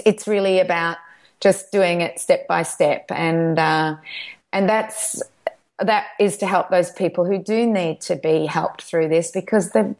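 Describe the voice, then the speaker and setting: A woman's voice: fairly low pitch, vocal fry, darkish tone. A middle-aged woman, a documentary filmmaker chatting in an interview, telling stories eagerly and restarting her sentences often. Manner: enthusiastic, rambling storytelling with restarts. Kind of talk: casual interview chat.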